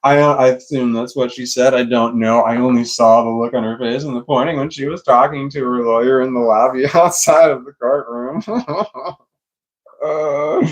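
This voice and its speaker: A middle-aged man casually telling a long personal story, rambling, swearing freely and laughing often. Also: medium pitch. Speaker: vlogger.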